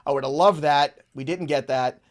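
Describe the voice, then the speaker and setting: A man's voice: on the high side, normal speed. A man hosting a casual podcast chat, rattling off lists of names and thinking aloud as he goes. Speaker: podcast host. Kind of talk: casual fantasy football chat.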